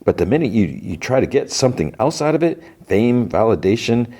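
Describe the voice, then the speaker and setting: A man's voice: medium pitch, very animated, fairly quick, mellow, pitched above the performer's own voice. A man voicing a brash, boastful aging actor who lectures with self-important advice. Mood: lecturing. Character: brash aging male veteran actor, cocky.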